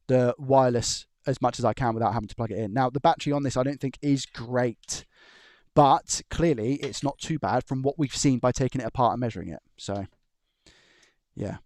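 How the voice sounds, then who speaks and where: A man's voice: medium pitch, a little mellow, dry recording, clean studio sound. A man chatting casually on a live stream from his room, rambling and chuckling as he tells stories and restarts his sentences. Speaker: electronics repair live streamer. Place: his own room at home.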